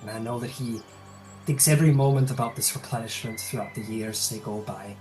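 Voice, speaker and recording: A man voicing a gentle mother who reassures her grown son in a soft, slow, steady way, with faint music behind. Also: medium pitch, pitched below the performer's own voice, lightly acted. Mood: consoling.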